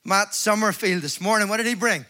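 A Northern Irish man preaching to a conference crowd in a high, bright voice. He mixes jokes with fervent calls to his listeners. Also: brisk. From Northern Ireland. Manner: jokey, rising to fervent exhortation. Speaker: evangelist preacher. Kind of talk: conference sermon with humor. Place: large conference hall before an audience.

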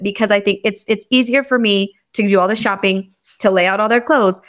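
A woman's voice: mid-range voice, moderate pace, a bit bright. Chatty woman hosting a conversation. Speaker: host. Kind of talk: casual conversation.

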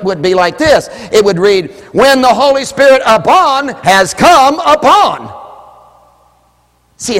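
A man preaching with great animation, his fairly high voice leaping across a wide range. He drops to near-whispers, then shouts a single word for emphasis, and now and then acts out the voices of churchgoers. A long hall reverb trails every phrase. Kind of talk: lively sermon.

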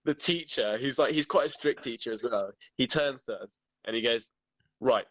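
A man's voice: mid-range voice, fairly quick, dry recording, rough recording. Young man telling a school story, dry sound. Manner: animated, laughing through his stories. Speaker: guest. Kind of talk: casual storytelling chat.

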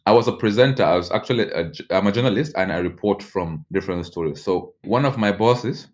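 Speaking low and fairly quickly, a young man with a Nigerian accent, a journalist being interviewed, tells personal stories in a relaxed way, peppered with "like" and restarted sentences.

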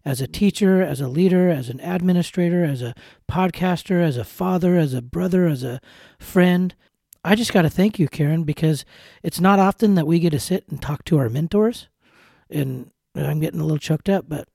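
A man's voice: a little high, moderate pace, vocal fry, darkish tone, no room sound, studio quality. A man in his thirties hosting a podcast, speaking earnestly and often repeating words as he searches for them. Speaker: podcast host. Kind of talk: heartfelt conversational interview.

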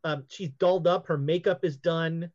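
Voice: medium pitch, fairly even intonation, darkish tone. Game master, tabletop narration, hesitant with fillers, slightly muffled recording. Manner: halting, many fillers and restarts.

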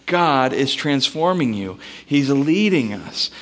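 A man's voice: medium pitch, big pitch swings, takes it slowly, a bit bright. A man, a pastor, preaching a sermon in a casual, conversational way, mixing scripture with personal stories.

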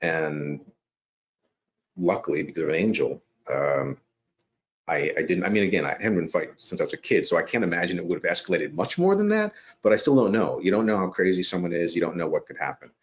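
A man, an actor and guest, telling a personal story in conversation, animated and acting out his quotes. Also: low voice, brisk. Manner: animated, acts out quotes in raised voice. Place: New York.

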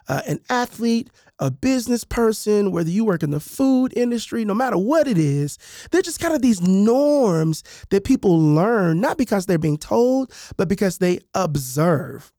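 A man reading his own book in an animated, conversational way, with repeated asides, acting out the voices of adults and kids. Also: high-pitched, dry recording, studio quality.

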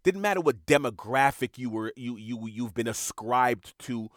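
A man's voice: medium pitch, animated, moderate pace, a bit bright, no echo, studio quality. A man hosting a podcast, talking in an earnest, reflective monologue and repeating words as he searches for them. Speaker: podcast host.

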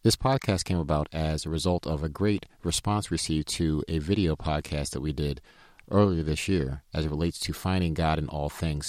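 A male professor hosting a podcast, opening in a formal, deliberate way and chatting. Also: extremely low pitch, a little mellow, dry recording, clean studio sound. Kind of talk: podcast introduction and chat.

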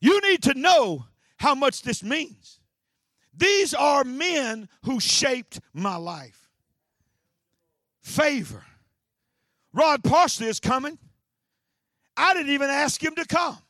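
A man, a pastor preaching an energetic sermon with frequent shouts and repeated phrases. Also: very high-pitched, dry recording, clean studio sound.

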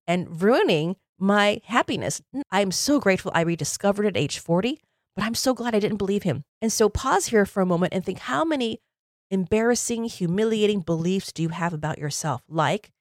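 A woman in her forties talks through her own past in an earnest, reflective podcast voice. Her pitch sits low, and the recording is dry and close with no room sound. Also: dry recording. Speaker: podcast host. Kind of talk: personal storytelling podcast.

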